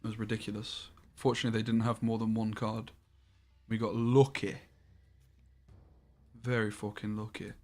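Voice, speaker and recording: A man's voice: on the low side, level tone, normal speed, pauses often, a little mellow. A man streaming a card game live, thinking aloud about each play and swearing casually as he goes.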